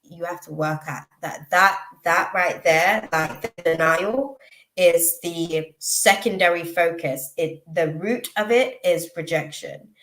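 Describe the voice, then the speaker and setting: Slow, low-pitched woman reading tarot live. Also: fairly bright tone, reverberant, poor audio. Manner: slow, reflective, with frequent ums and restarts. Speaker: tarot reader.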